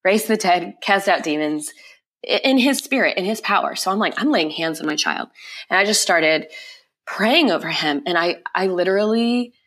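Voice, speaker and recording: A young woman guest on a podcast, telling her personal testimony in an emotional, quick retelling full of repeated phrases. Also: lowish voice, lively intonation, fairly bright tone.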